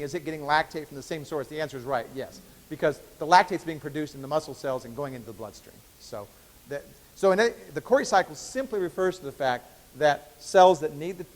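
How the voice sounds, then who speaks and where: A man giving a university biochemistry lecture in a conversational way, with fillers and restarts. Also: on the high side. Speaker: biochemistry professor. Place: lecture hall. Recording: echoey lecture hall.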